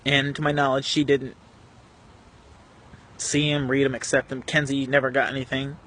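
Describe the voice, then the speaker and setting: Earnest man with a bright voice. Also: medium pitch, completely flat delivery. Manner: earnest, emotional, halting. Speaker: vlogger. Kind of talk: personal story told to camera.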